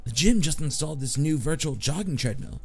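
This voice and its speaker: A man voicing an upbeat, energetic male best friend in a game, in a raised peppy voice. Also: brisk, creaky, breathy edge, faint music behind, full character voice. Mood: encouraging. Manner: peppy, encouraging, higher pitch.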